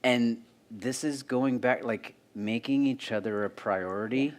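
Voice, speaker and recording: A man co-leading a church marriage workshop, sharing a relaxed anecdote about priorities. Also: mid-range voice, unhurried.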